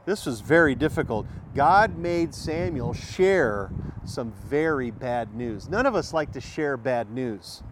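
A man's voice: medium pitch, animated, slow pace, background noise. A man preaching a sermon in an emphatic way, repeating key phrases and asking rhetorical questions.

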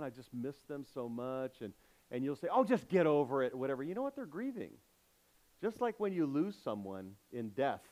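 A man's voice: medium pitch, darkish tone, poor audio. A male pastor delivering a sermon, emphatic and calling out questions to his congregation.

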